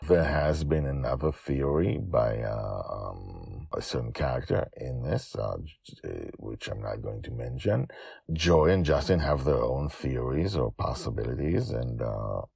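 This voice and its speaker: A man with an extremely deep, gravelly voice narrates his own storybook and talks about how he wrote it. His reading swings through a wide range of pitch, and the sound is dry and close. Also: dry recording. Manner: lively, expressive reading. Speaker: author and storyteller. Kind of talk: storybook narration and author commentary.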